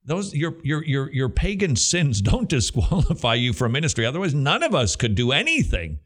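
A man's voice: mid-range voice, wildly swooping pitch, normal speed, a bit bright. A middle-aged man with a Southern American accent, hosting a Christian question-and-answer radio show with an emphatic, preacherly delivery.

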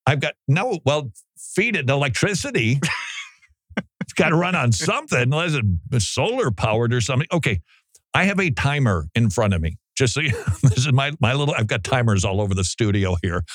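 A male radio host riffing in a studio, his pitch leaping around as he jokes and laughs between points. The sound is close and dry, with no room around the voice. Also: moderate pace, no echo. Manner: animated, joking, laughs often. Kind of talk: casual talk-radio monologue. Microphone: studio mic.

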